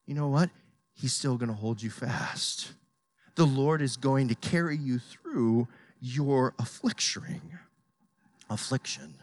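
A preacher giving an impassioned, emphatic sermon, swinging from hushed to loud. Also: medium pitch, slow.

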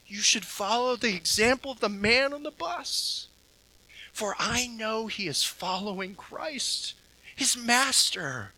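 A man preaching a sermon with passion, his delivery swinging from hushed to loud. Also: high voice, lively intonation, slow pace, rough recording.

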